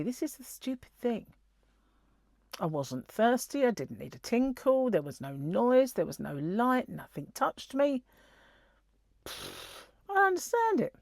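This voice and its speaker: A woman's voice: medium pitch, a little mellow, no room sound. A middle-aged woman chatting casually as a crochet vlogger, rambling and giggling as she tells stories. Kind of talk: casual chat.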